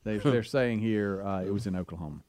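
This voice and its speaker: A man's voice: fairly low pitch, a little fast, darkish tone, no echo. Laid-back guy in a group chat, dry close sound. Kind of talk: casual group banter.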